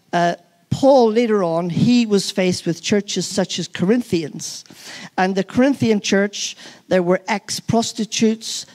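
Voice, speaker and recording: A man's voice: high-pitched, a little mellow. A man preaching a sermon, earnest and emphatic, repeating key phrases and often restarting his sentences. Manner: halting with frequent restarts.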